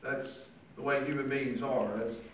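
A man's voice: mid-range voice, fairly even intonation, a little slow, slight background noise. A male pastor delivering a sermon with emphatic preaching, acting out the people he quotes. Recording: very echoey church hall, mic from far off.

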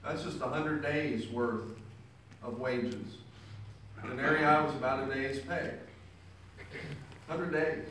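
Preacher with an echoing, distant voice. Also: male voice, medium pitch, fairly even intonation, takes it slowly, pauses often, fairly bright tone, slight background noise. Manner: expository preaching, reading verses then paraphrasing with emphasis. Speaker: pastor. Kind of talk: sermon. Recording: echoey room picked up from a distance.

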